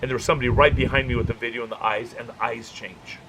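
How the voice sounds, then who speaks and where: A man's voice: mid-range voice, rapid-fire. Man, dog trainer, casual workshop talk, jokey storyteller, noisy background. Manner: animated, joking storyteller.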